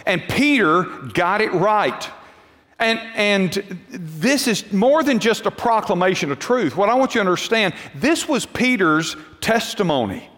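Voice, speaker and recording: Man, pastor, high voice, emphatic repeated phrases, church hall reverb. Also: lively intonation, measured pace, a bit bright. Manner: emphatic, repetitive preaching with frequent restarts. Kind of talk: sermon.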